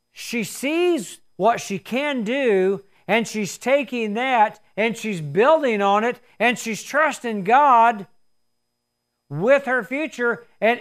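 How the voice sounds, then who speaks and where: A man's voice: very high voice, fairly bright tone. A man preaching a sermon in an earnest, repetitive way, often restarting his words.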